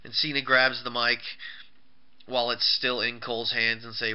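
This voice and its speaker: A man rambles through a casual recap of a show, stumbling over restarts and fillers. His voice sits at an ordinary pitch and sounds smooth. The recording is muffled and lo-fi. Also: flat delivery, moderate pace. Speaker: wrestling show reviewer. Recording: dull lo-fi recording.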